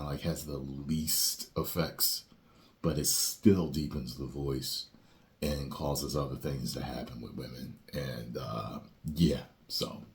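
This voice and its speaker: A man hosting a reaction video, rambling casually with lots of fillers. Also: very deep voice. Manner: rambling, with many fillers and sudden loud rants.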